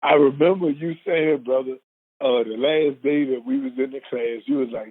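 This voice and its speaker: A man's voice: medium pitch, fairly even intonation, moderate pace. A man telling his own life story with strong emotion, earnest and repeating words when moved. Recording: phone-like narrow band.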